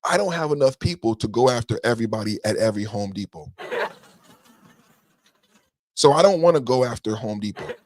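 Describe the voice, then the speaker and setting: A man putting on a calm male border official who makes a polite, measured request. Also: mid-range voice, no room sound, pitched below the performer's own voice, close to an everyday voice.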